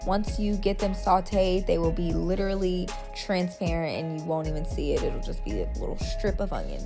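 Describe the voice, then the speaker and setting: A cooking vlogger walks viewers through a recipe in her home kitchen, casual, informal, and chatty as she talks right to them. Her fairly low, dark voice has vocal fry and moves at a moderate pace, expressive and with few pauses. Music plays in the background.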